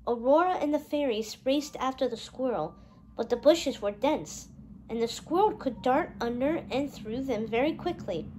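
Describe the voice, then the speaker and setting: A woman reading a children's storybook aloud in a gentle, expressive way. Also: high voice, moderate pace, a little hiss or hum, rough recording.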